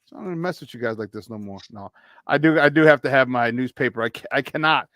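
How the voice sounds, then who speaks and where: A man hosting a morning sports talk show, chatty, joking and easily excited about his team. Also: medium pitch, fast talker, dry recording, studio quality.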